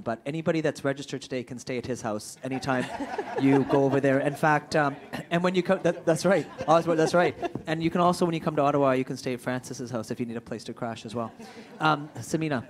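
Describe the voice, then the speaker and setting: A man moderating a business forum, introducing speakers in a joking, chatty way. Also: mid-range voice. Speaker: event moderator. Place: conference room before an audience.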